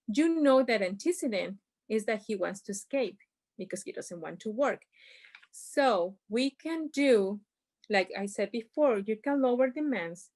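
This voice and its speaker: A woman's voice: on the high side, lively intonation, a little slow, darkish tone. Woman presenting a parenting workshop. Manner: explains with examples, non-native phrasing. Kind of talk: informal presentation.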